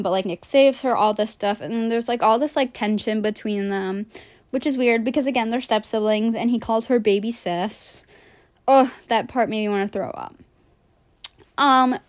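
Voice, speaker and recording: A woman's voice: on the high side, no room sound. A young woman chatting casually as she reviews movies and shows, rambling and blunt with lots of fillers. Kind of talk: casual monthly review chat.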